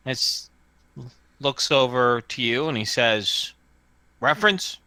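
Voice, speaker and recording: A man's voice: mid-range voice, steady tone, takes it slowly, bright, forceful tone, clear, resonant tone, no echo. A man narrating as game master of a tabletop role-playing game, describing scenes with many fillers and restarts.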